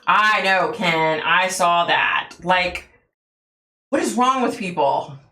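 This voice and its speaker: A woman's voice: on the low side, lively intonation, slow, pushed and bright, roomy sound. A woman hosting a livestream, telling stories in a chatty way, laughing often and answering viewers' comments. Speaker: livestream host. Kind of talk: casual chat with viewers.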